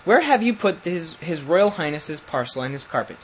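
A nervous, proper old-world ambassador from a storybook, all courtly phrasing, as a reader puts him on. His pitch leaps high and sharp when alarmed. Faint noise sits underneath. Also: very animated, moderate pace, natural voice, low-quality recording. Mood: demanding. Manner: formal, flustered, rising to shrill alarm. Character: excitable ambassador lord, fussy and anxious.

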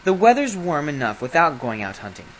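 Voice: medium pitch, very animated, fairly quick, a little hiss or hum, natural voice. A storybook reader voicing a lazy, smug young prince who speaks with prim, lecturing politeness.

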